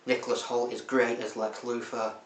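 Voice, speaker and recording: A man's voice: mid-range voice, flat delivery, moderate pace, slight background noise. A man casually reviewing films with wry, self-mocking asides, recorded in an echoey room. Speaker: film reviewer. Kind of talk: casual monthly film roundup.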